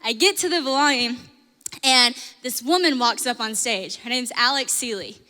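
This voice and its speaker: Bright high-voiced young woman, reverberant. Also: normal speed. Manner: earnest, animated storytelling with frequent "like". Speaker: host sharing her testimony. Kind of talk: personal faith testimony.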